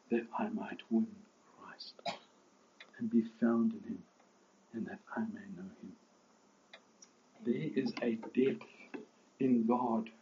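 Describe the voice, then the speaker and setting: A man preaching with fervent, rising emphasis at a middling pitch, stumbling and restarting as he builds his points. The recording sounds a little dull and lo-fi, like a church service captured on modest gear. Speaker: pastor. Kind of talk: sermon.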